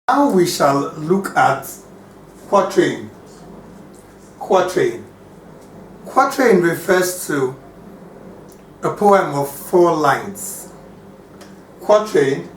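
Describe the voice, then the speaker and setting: A man teaching a lesson on poetry, slow and deliberate, repeating key points for his students. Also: fairly high pitch. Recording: echoey room, distant mic, faint hiss.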